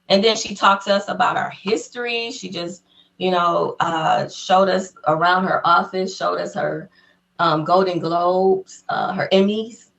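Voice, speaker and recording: A woman guest in an interview, telling an excited story in casual talk, laughing often and acting out what people said. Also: on the low side, a little slow, creaky. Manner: excited, acts out quotes in a raised voice; laughs often between phrases.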